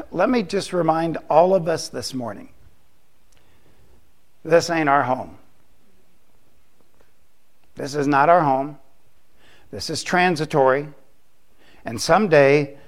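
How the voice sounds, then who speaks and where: A middle-aged man preaching a sermon as pastor, slow and emphatic, repeating key phrases for weight. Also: medium pitch.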